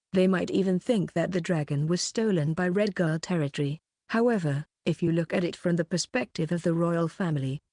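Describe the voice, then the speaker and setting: Woman reading a fantasy novel aloud, lowish warm voice, even pace, no character voices. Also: no echo, clean studio sound. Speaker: audiobook narrator. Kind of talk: light novel audiobook reading.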